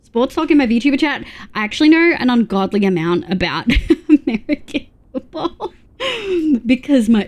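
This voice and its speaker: A young woman chats on a live stream. Her voice sits a little high. She talks loosely and reads out chat messages as she goes. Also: sing-song, moderate pace, darkish tone. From Australia. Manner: chatty, reads chat aloud, frequent laughs.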